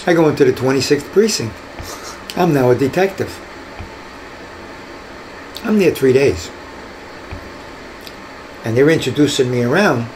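An older man tells stories from his years as a detective, slipping into the voices of the people he quotes. His voice sits a little high for a man. A faint hiss runs under the talk. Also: rough recording. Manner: animated, acts out quoted voices. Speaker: retired detective guest. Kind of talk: storytelling in an interview.

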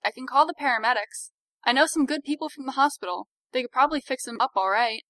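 A woman's voice: high voice, fast talker, a bit bright, dry recording, voice pushed up, low-quality recording. A woman voicing a sarcastic young healer. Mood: cautious. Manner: sarcastic, lecturing.

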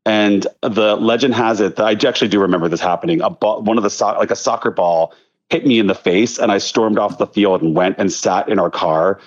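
A choreographer in his thirties from Delaware County, outside Philadelphia, chats as a guest in a casual interview, telling lively stories and often restarting his sentences. His voice is lowish and fairly quick. The recording is dull and lo-fi.

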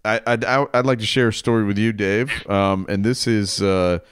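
A man's voice: on the low side, fairly even intonation, moderate pace, clean tone, no room sound, clean studio sound. A man co-hosting a podcast, chatting casually in a rambling, loose way with many fillers. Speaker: podcast co-host. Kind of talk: casual chat.

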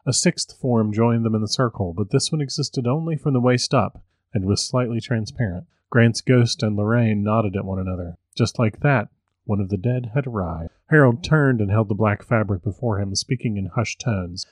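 A man who hosts a podcast, reading a story aloud in an even, measured way. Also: on the low side, no room sound.

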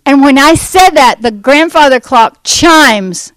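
A woman giving a personal faith testimony to a church audience, telling her story in a rambling, animated way and acting out what people said. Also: high voice, slow, dry recording, low-quality recording. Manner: animated storytelling that acts out quoted speech; rambling, with fillers and restarts. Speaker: Christian ministry speaker.

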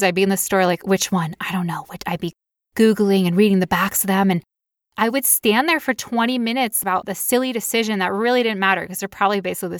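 A woman in her thirties speaks candidly about her own past, leaning on casual "like" fillers as she co-hosts a podcast. Her voice sits at a middle pitch and the recording is dry and close, with no room sound. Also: no echo. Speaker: podcast co-host. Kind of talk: personal storytelling in casual chat.

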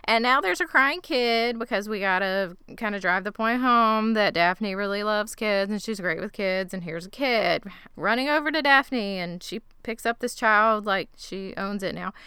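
A woman co-host retells a TV episode in playful, sarcastic chat. Her voice is bright and remarkably clean. It sounds dry and close, with no room around it. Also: mid-range voice, normal speed, few pauses, smooth, dry recording. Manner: playful, sarcastic, laughs often. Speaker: podcast co-host recapping a TV episode. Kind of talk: casual recap chat.

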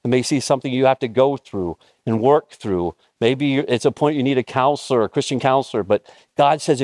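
A man in his fifties preaching a conversational, storytelling sermon with bursts of excitement. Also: medium pitch, a little fast, dry recording, clean studio sound. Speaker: pastor.

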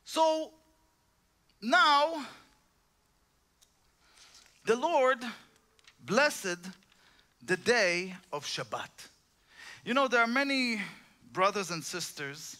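A man's voice: high voice, pushed and bright. A man from Israel, preaching an informal, impassioned sermon that rambles with restarts and asides.

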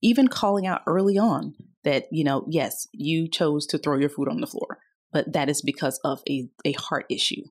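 A woman's voice: sits low, moderate pace, darkish tone, husky. A woman co-hosting a casual parenting chat, speaking earnestly about faith. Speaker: podcast co-host.

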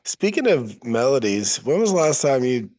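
A man's voice: mid-range voice, very animated, normal speed, a little mellow. A man in his thirties co-hosting a podcast, joking and teasing in casual chat. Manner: joking, teasing, quotes lines from a show. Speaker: podcast co-host.

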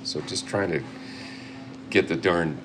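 Low-voiced rambling man in his fifties. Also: fairly even intonation, unhurried. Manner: rambling, self-deprecating, laughs often. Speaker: guest musician. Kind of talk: casual interview chat. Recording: noisy recording.

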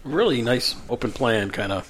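A man's voice: medium pitch, lively intonation, normal speed, a bit bright, a little hiss or hum. A man co-hosting a casual podcast, describing a place in an easygoing way that trails off. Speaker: podcast co-host. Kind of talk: casual chat.

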